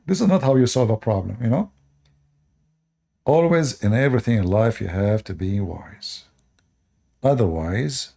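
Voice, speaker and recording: Channel host, male: preachy advice monologue, non-native English, dark mellow tone. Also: mid-range voice, gravelly, breathy edge. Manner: lecturing, rhetorical questions, repeats short commands.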